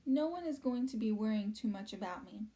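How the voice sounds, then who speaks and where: A woman's voice: mid-range voice, expressive, a little fast, mellow, close to an everyday voice. A woman reading aloud as a young orphan girl who answers plainly and frankly. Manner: matter-of-fact.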